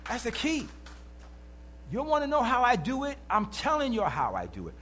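High-voiced, animated male preacher. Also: normal speed, a little hiss or hum. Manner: animated, emphatic, calls out to the congregation. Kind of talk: sermon.

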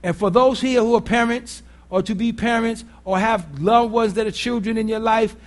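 High-voiced man preaching a sermon. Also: normal speed. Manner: conversational preaching with rhetorical questions; blunt, earthy phrasing. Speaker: pastor.

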